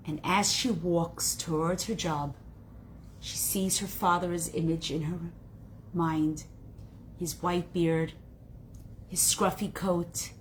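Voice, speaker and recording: A woman teacher telling a story in a class, dramatic and expressive. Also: fairly low pitch, slight background noise. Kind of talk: storytelling lesson.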